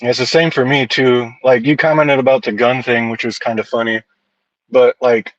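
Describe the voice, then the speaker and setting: A man's voice: medium pitch, moderate pace, no echo. A man guesting on a casual podcast tells his stories bluntly and swears a lot, with a mid-range voice. His audio sounds dull and a little lo-fi. It is also dry, with no room sound. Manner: blunt, profane, animated storytelling.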